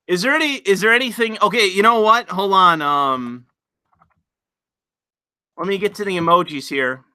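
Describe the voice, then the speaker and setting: A man's voice: high voice, moderate pace, bright, forceful tone, clean tone, dry recording, clean studio sound. A man hosting a casual live stream, talking to chat in a profane, exasperated way and laughing often.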